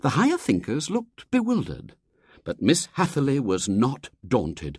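An audiobook narrator reading a comic children's story in a lively, highly expressive way. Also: unhurried, husky, no echo, studio quality. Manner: lively, very expressive reading with wide pitch swings.

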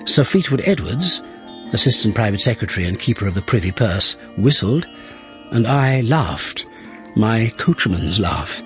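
A man's voice: lowish voice, very animated, unhurried, soft background music. A man reading aloud as a formal, genial Victorian royal secretary writing a letter. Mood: measured. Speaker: reader of a historical letter.

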